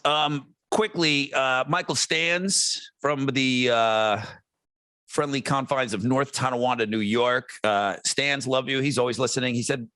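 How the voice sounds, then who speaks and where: A man's voice: medium pitch, fairly even intonation, a little slow, sharp tone, clear, resonant tone, dry recording. A middle-aged man co-hosting a podcast in casual chat, loose and chatty, reading out listener messages. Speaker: podcast co-host.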